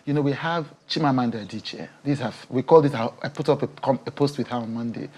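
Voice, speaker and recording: Woman talk show host on a tv studio couch, animated and emotional, laughs a lot. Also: very deep voice, fast talker, breathy edge. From Nigeria. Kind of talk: TV studio interview.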